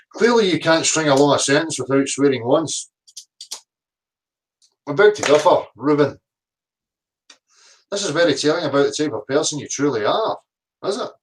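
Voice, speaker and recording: A middle-aged man answers online critics in a combative, mocking rant full of swearing. His voice sits a little high for a man. He sounds set back from the microphone. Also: recorded from a distance. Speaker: online commentator. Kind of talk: reading comments aloud and ranting.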